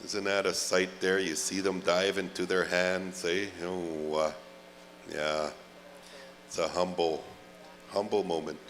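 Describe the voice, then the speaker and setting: A man emceeing a live event, calling names slowly with drawn-out "oh, uh" fillers and light joking asides. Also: sits low, flat delivery, fairly bright tone, big-room sound, a little hiss or hum. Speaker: pow wow emcee. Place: large outdoor event grounds.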